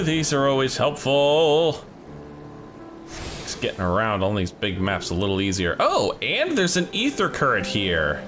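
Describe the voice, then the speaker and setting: A man hosting a let's play, chatting excitedly while he plays. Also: fairly low pitch. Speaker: gaming channel host. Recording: game music behind.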